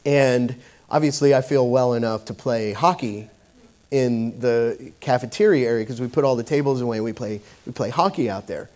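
A man's voice: mid-range voice, normal speed, darkish tone. A man preaching a sermon in a conversational way, telling a personal story with many fillers and restarts. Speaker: pastor.

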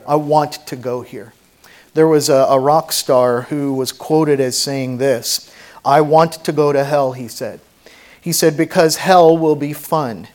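Earnest male pastor preaching. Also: fairly high pitch. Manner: reads scripture in old-fashioned wording, then explains it plainly; earnest, storytelling preacher with fillers. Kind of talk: sermon.

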